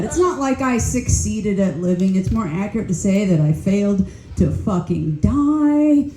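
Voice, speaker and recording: A woman's voice: medium pitch, animated, unhurried, warm tone. An older woman doing a stand-up comedy set, telling blunt, profane stories on a club stage. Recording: roomy club echo.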